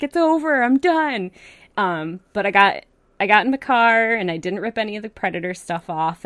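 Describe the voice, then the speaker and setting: A woman's voice: on the low side, a bit bright, no echo. A woman in casual chat, rambling with lots of fillers.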